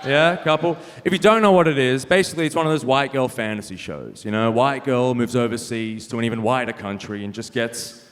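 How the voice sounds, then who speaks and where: A man's voice: medium pitch, brisk, fairly bright tone. A young man doing a stand-up comedy set, punchy and wry, laughing at his own jokes on a club stage. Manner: punchy, wry, self-mocking delivery with frequent laughs. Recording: live venue reverb with faint noise.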